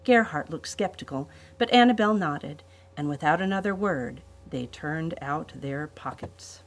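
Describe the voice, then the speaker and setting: A woman narrates a family adventure story in a measured, storybook way. Her voice is husky and a little low. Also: animated, rough recording. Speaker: podcast host and storyteller.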